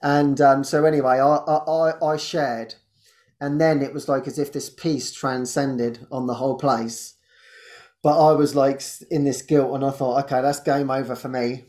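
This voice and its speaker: A man, hosting and telling a personal testimony in an animated way, laughing often and restarting his sentences. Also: medium pitch, normal speed. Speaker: host.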